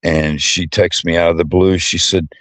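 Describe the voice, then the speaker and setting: A man's voice: low-pitched, level tone, normal speed, a bit bright, dry recording. A man being interviewed, speaking casually and hesitantly with many ums and uhs. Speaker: interview guest.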